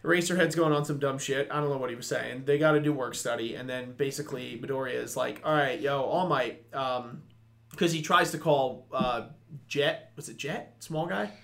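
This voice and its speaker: A man's voice: mid-range voice, normal speed, gravelly, a bit bright. A young man co-hosting an anime discussion, chatting casually and ranting with lots of swearing. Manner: ranting, profane, mimics characters. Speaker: anime podcast co-host. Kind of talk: casual chat.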